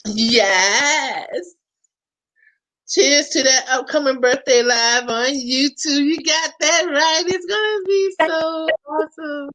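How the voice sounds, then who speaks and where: Playful laughing woman host, slow-talking. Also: high-pitched, fairly bright tone. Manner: playful, laughs often, breaks into bits of song. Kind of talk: casual holiday chat.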